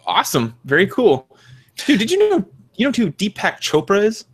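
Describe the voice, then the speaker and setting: A man's voice: high voice, wildly swooping pitch, normal speed, slightly rough. A young man co-hosting a podcast in casual chat, rambling with lots of fillers and restarts. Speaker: podcast co-host.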